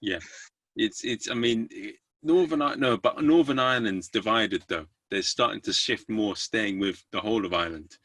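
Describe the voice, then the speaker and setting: A man's voice: on the low side, moderate pace, a bit bright, no echo. A man hosting a podcast, chatting casually in a hesitant, rambling way with many restarts. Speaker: podcast host. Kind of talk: casual interview chat.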